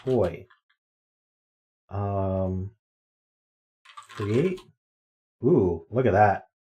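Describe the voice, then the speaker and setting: A man with a lowish voice talks slowly and unhurriedly into a desk mic. He streams live from home, thinking aloud through word puzzles, trailing off into ums as he tries words. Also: expressive, dark tone, a little hiss or hum. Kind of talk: casual live-stream chat while playing word games. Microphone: desk microphone.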